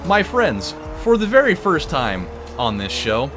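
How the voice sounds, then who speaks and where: A man's voice: on the high side, wildly swooping pitch, measured pace. A man hosting a game playthrough, telling a rambling, crude, joking story in a casual chat. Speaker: let's play host. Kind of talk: casual storytelling over gameplay. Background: video game music.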